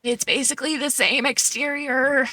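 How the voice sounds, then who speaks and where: A woman's voice: sits high, fairly even intonation, moderate pace, sharp tone, no echo. A young woman streaming a cozy game, chatting casually, reading chat aloud and gushing over cute characters. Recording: dry close sound with faint game music.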